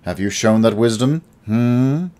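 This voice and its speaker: A man voicing a gentle, tired uncle and former teacher who speaks softly and consolingly. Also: mid-range voice, natural voice. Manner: soft, consoling, measured.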